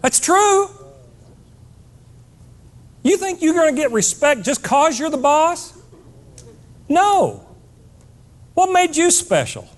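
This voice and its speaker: A middle-aged man giving a keynote speech to a live audience, blunt and emphatic, calling them folks. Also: sits high. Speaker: motivational speaker. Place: stage before a live audience.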